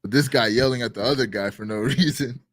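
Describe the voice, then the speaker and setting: Animated man telling a story. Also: mid-range voice, fast, no room sound. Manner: animated, swears a lot, acts out quotes loudly. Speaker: podcast co-host. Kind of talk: casual storytelling chat.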